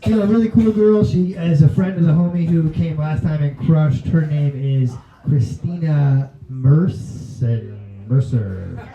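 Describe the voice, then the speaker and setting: Dark-voiced man host introducing comics. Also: a little high. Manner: quick, offhand introductions. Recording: dull echoey club sound with crowd and music.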